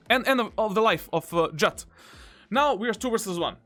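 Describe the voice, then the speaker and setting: A man with a notably high voice talks through his own gameplay like a coach. He is boastful and excitable and slips "bro" in often. Soft music plays faintly behind him. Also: fairly quick. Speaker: game coach reviewing his own match. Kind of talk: gameplay commentary.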